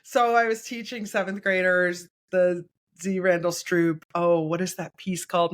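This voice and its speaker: A woman's voice: lowish voice, lively intonation, moderate pace. Chatty woman telling candid stories. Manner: candid, chatty storyteller with frequent laughter. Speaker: guest choral conductor and educator. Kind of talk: casual podcast interview.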